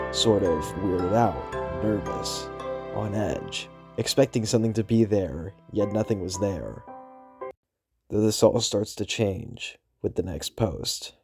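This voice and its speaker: Man, scratchy throat, low monotone horror voiceover, deep voice, music underneath. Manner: low monotone, hushed on eerie lines. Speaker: narrator.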